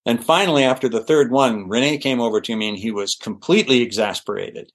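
A middle-aged man, an actor guest on an interview show, telling anecdotes in a lively way with laughs and restarts. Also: medium pitch, fast talker. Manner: animated, laughing, with restarts and fillers. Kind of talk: anecdotal storytelling.

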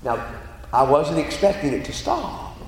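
A man preaching in a church, his voice unusually high and animated, rising and falling as he presses his points. The sound carries a long, roomy reverb with faint ambient noise behind it. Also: unhurried. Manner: emphatic preaching, quotes scripture aloud. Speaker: pastor. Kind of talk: sermon.

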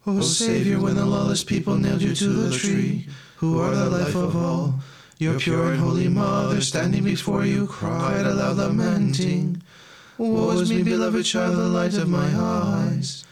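High-voiced man chanting solemn hymns. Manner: slow, measured, solemn chanting. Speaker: liturgical reader. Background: loud instrumental music.

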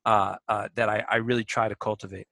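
A man being interviewed talks through his ideas with energy, acting out his own inner voice and often restarting sentences. His tone is bright and forceful. The recording is dry and close, with no room sound. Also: lowish voice, fairly quick, vocal fry, dry recording, poor audio. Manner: animated storyteller who acts out his inner thoughts, many restarts. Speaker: guest, company president. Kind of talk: conversational interview.

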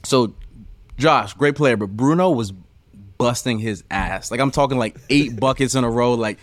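A man co-hosting a sports podcast, a former college player telling stories with lots of laughter and loud acted-out quotes. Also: medium pitch, moderate pace, no echo. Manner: animated storyteller, acts out quotes loudly, laughs often. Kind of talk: casual storytelling chat.

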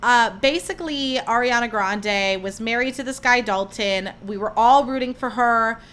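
A young woman hosting her own podcast, chatting in a loose, rambling way. Her voice sits a little on the high side, and she fills it with likes and you-knows and starts sentences over. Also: moderate pace, clean tone. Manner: chatty, animated, lots of fillers. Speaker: podcast host. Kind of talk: casual chat.

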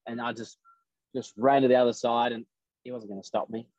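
Animated man telling a story. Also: mid-range voice, fairly quick, no room sound, dull audio. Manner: animated storyteller acting out quotes. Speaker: race driver guest. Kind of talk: casual podcast chat, storytelling.

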